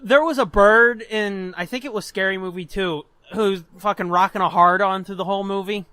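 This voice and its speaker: A man in his twenties co-hosting a podcast, telling stories in an animated, profane way and laughing often. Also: high voice, normal speed, smooth, no echo. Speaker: podcast co-host. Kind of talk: casual chat, storytelling.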